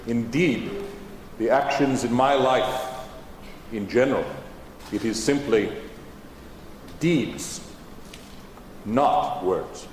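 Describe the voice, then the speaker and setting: A stately, formal George Washington, as a re-enactor plays him, speaking in old-fashioned phrasing at an even middle pitch. The voice rings through a large auditorium with a long tail of reverb and a faint hum underneath. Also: male voice, very slow, pauses often. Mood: measured. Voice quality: formal eighteenth-century diction. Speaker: historical re-enactor. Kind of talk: in-character stage Q&A. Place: high school auditorium stage.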